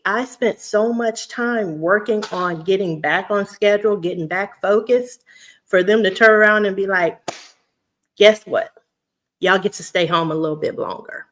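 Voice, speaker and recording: A chatty woman talks straight to her online viewers in a casual vlog. Her voice sits at an everyday middle pitch. She laughs often and leans into the conversation as if talking with friends. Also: measured pace, fairly bright tone. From Houston, Texas. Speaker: vlogger.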